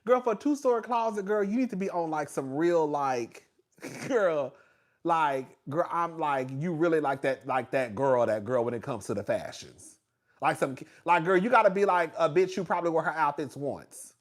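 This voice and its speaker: A young man with a high voice dishes on reality TV in a loose, gossipy monologue. He laughs often, leans hard on fillers, and jumps louder and higher when he gets excited. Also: normal speed. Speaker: reality TV commentator. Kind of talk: casual reality TV recap.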